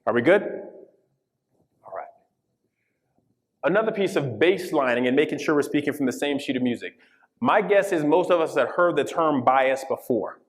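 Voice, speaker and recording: A man's voice: on the high side, animated, moderate pace, pauses often. A man from Colorado giving an interactive diversity workshop, speaking emphatically and checking in with the audience often. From Colorado, USA. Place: conference session room. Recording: long reverb of a large hall.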